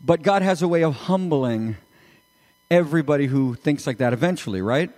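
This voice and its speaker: A man preaching a sermon as pastor, animated and emphatic, with sudden rises in his voice. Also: fairly high pitch, moderate pace, in a large hall. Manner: animated, rising to emphatic peaks.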